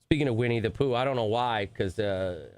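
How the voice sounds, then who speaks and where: A man co-hosting a morning radio show, joking in casual banter with an animated, jumpy delivery. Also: fairly low pitch, a little fast, clean tone, no room sound. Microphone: studio microphone.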